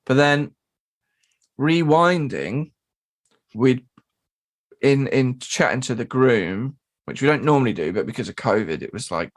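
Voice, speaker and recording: Man, podcast co-host, casual storytelling, lively swinging pitch, sweary, mimics others. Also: unhurried, pauses often. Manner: animated, sweary, mimics people in high voices.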